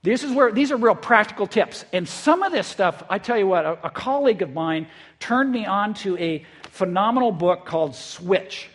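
A man with a notably high voice, preaching like a pastor in easy, conversational talk. He gets caught up in his points and stumbles over repeated words as his enthusiasm runs ahead. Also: moderate pace. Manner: lively, repeats words when excited. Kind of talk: conversational sermon. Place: church in eastern South Dakota.

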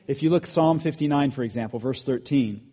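A man preaching a sermon, animated, rising to emphatic peaks and dropping to quiet asides. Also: medium pitch, brisk, slightly rough. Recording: long hall reverb.

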